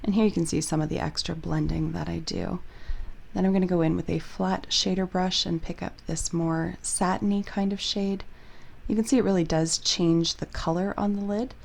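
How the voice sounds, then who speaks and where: A woman beauty vlogger narrating a makeup tutorial in a relaxed, chatty voice-over, explaining each step. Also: fairly low pitch, vocal fry.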